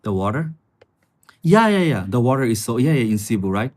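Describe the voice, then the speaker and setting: A man's voice: mid-range voice, big pitch swings, a little fast, darkish tone. A young man, chatting casually with viewers on a live stream from his small apartment. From China. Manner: chatty, addresses viewers as guys, answers chat comments. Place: small studio apartment with river view.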